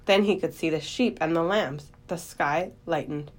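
A woman reading a children's book aloud in a gentle, expressive storytelling voice. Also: sits low, moderate pace, few pauses.

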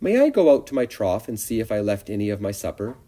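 A man's voice: fairly low pitch, sing-song, quick pace, dark tone. A man reading a storybook aloud, voicing a young male pig who is anxious and eager, with pleading, rising questions.

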